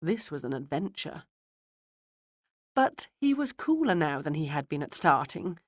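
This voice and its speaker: Low-voiced woman reading a story. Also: no echo, clean studio sound. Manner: measured, expressive storytelling. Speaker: audiobook narrator. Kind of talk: scripted storybook narration.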